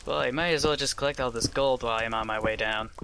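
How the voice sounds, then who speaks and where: A man's voice: mid-range voice, fast, gravelly, noisy background. A young man giving casual, self-deprecating commentary as he plays, thinking aloud as he goes. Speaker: let's play host. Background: game music.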